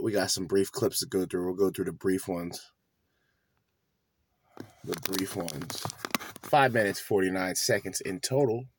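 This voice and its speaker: A man's voice: lowish voice, fairly bright tone, slight background noise. A man hosting a podcast, ranting bluntly and swearing a lot as he reacts to clips. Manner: blunt, profane, dismissive. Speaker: podcast host.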